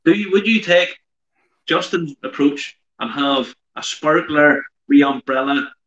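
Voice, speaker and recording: A man's voice: a little high, a little slow, a bit bright. A man weighs in with dry, firm opinions in a mid-range voice. His sound is muffled and lo-fi, with a roomy echo around it. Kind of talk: casual chat. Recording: echoey and dull, lo-fi.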